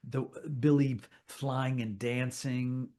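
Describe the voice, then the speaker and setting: A middle-aged man with a Kentucky accent, talking as a guest on a podcast. He tells his stories with gusto and swears without a second thought. His voice sits at an ordinary pitch for a man. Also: slow pace. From Kentucky, USA. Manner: animated storytelling with frequent swearing. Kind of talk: casual interview chat.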